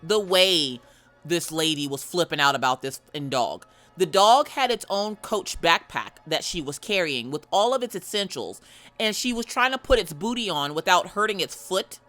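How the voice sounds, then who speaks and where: A woman in her thirties telling a story in a blunt, animated way as a streamer. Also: on the low side, normal speed, soft background music. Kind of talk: casual storytelling.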